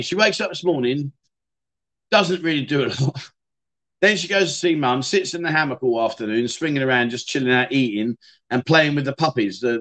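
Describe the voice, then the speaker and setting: A man's voice: mid-range voice, fairly bright tone. A middle-aged man, hosting a casual livestream and chatting through viewer comments in a rambling way, often repeating words and restarting sentences. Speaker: livestream host.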